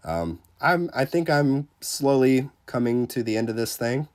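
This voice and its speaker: A man with a cold, sounding congested as he chats casually on a game livestream and reads viewer comments in a relaxed, rambling way. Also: medium pitch, measured pace. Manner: relaxed, rambling, lots of fillers. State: sick, under the weather. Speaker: game streamer reading chat.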